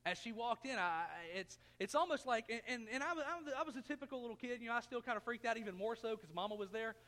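Bright high-voiced preacher in a reverberant hall. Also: male voice, quick pace. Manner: folksy, self-mocking storyteller who acts out quotes. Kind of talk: sermon with personal storytelling. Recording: long reverb of a church hall.

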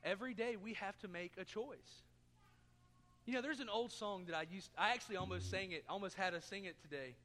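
A man's voice: high voice, brisk, pushed and bright, big-room sound. A man preaching a sermon as pastor, earnest, asking his congregation questions and throwing in jokes. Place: church sanctuary.

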